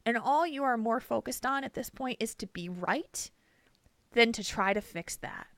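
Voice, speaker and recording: Bright, emphatic woman podcast host. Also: on the high side, normal speed, dry recording. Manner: animated, emphatic, laughs often. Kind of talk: casual chat, storytelling.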